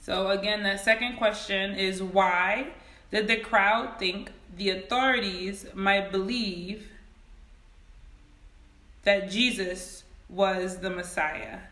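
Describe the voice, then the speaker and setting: A woman teaching Sunday school over a phone livestream. She speaks slowly with a bright, forceful tone and reads each question twice. The room around her sounds echoey. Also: medium pitch. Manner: greets viewers by name, reads questions slowly and repeats them. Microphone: phone camera.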